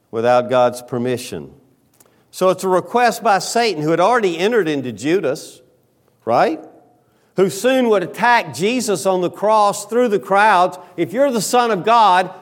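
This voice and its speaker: A man preaching a sermon as pastor, talking slowly and deliberately with frequent pauses. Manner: quiet, lowered voice in prayer.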